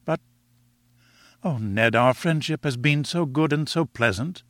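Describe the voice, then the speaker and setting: A man reading aloud voices a proud, composed young woman who gently reproves and reasons with her suitor. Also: mid-range voice, unhurried, no echo, lightly acted.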